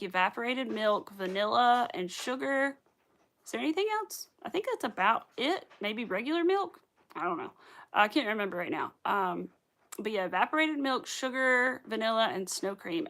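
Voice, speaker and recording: A woman's voice: on the high side, a bit bright. A young woman from the Southern US with a light Southern accent, hosting a crochet livestream and chatting casually with viewers, rambling and laughing often. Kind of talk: casual chat with live viewers.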